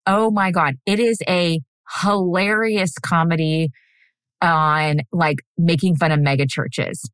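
Brief: woman co-host, lower voice, dry close sound, goofy rambling chat. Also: fairly even intonation, slow, a bit bright, clean tone, dry recording. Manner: rambling, goofy, swears freely. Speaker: podcast co-host. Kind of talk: casual chat.

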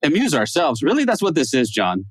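A man's voice: fairly high pitch, wildly swooping pitch, fairly quick, husky, dry recording. A man co-hosting a casual podcast chat, goofy and rambling, laughing often. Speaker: podcast co-host.

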